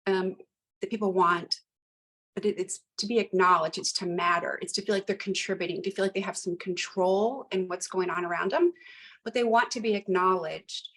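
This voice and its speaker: A woman in her fifties, a retired police lieutenant, telling stories as a guest in an animated, emphatic way and repeating phrases for effect. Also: medium pitch, moderate pace. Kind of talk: conversational storytelling.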